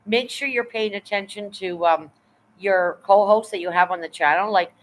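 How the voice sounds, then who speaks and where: A woman's voice: mid-range voice, moderate pace, poor audio. A woman hosting her live stream in casual chat, blunt and profane, rambling as she reads and answers her chat. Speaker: livestream host.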